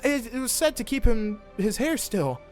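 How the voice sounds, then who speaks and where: A man's voice: extremely high pitch, expressive, moderate pace, soft background music, voice pushed up. A man voicing a timid, stammering teenage boy in a fan story he reads aloud. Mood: nervous. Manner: stammering, nervous.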